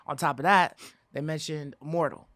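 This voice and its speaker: A man's voice: fairly high pitch, steady tone, moderate pace, fairly bright tone, no echo. Laid-back male co-host, rambling casual delivery, dry close-mic recording. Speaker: podcast co-host. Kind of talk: casual gaming podcast chat.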